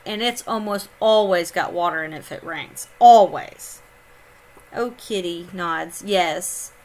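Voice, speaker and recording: Bright, unhurried woman streamer. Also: on the high side. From Indiana, United States. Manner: chatty, reads chat aloud, laughs often. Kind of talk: casual live-stream chat while gaming.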